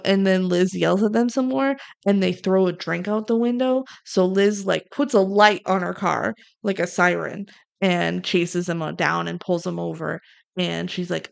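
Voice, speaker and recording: Young female podcast co-host, fry-heavy voice, casual movie recapper who quotes the characters. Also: on the low side, fairly even intonation. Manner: retells scenes with quick acted-out quotes.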